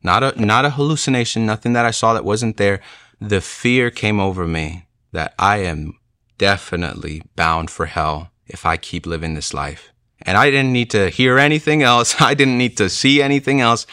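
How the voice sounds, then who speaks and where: Deep, earnest young man telling his story. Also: moderate pace, sharp tone, smooth, dry recording, clean studio sound. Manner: earnest, reflective, with frequent "like" and "you know". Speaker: speaker sharing a conversion testimony. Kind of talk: personal storytelling.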